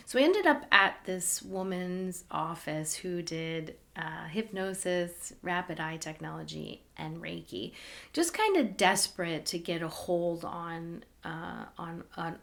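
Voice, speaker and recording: A woman telling a personal story in a candid, animated way, sometimes dropping to hushed asides. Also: fairly low pitch, creaky. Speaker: spiritual channel host.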